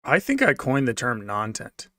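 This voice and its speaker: A man's voice: mid-range voice, huge pitch swings, moderate pace, bright, forceful tone, dry recording, clean studio sound. A man streaming from his basement apartment, chatting casually in a sarcastic, profane, rambling way. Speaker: livestreamer. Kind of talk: casual livestream chat.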